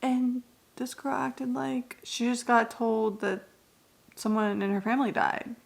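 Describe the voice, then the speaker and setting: A woman's voice: a little high, flat delivery, unhurried, vocal fry. A young woman in her twenties chatting casually on her reading vlog at home, blunt and full of fillers, with some swearing. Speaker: book vlogger.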